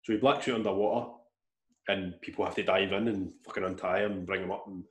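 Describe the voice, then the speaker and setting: A man telling a long story in casual chat, rambling and animated, with restarts and swearing. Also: low-pitched, fast. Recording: echoey room.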